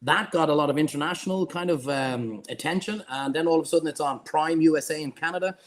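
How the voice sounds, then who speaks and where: A middle-aged Irish man, a guest chef, telling rambling, animated anecdotes in a casual interview. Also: on the high side, fast talker. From Ireland.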